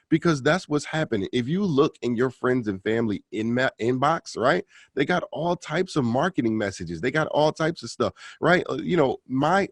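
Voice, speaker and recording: A man's voice: mid-range voice, no echo. A man on a podcast talking casually and persuasively about selling to friends and family. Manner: casual, persuasive, repeats "right?". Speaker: podcast co-host, car salesman.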